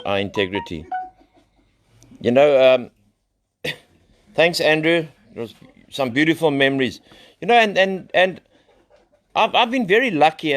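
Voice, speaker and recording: A middle-aged man with a South African accent tells recovery stories in a live share. He talks bluntly and rambles, with streetwise slang and the odd curse. His voice sits at an ordinary middle pitch. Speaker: addiction recovery center founder.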